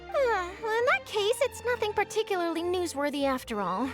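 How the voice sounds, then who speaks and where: A woman's voice: extremely high pitch, big pitch swings, a little fast. A woman voicing a nosy, scoop-hungry young female newspaper reporter with theatrical, gossipy asides. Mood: eager. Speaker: journalist. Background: game music.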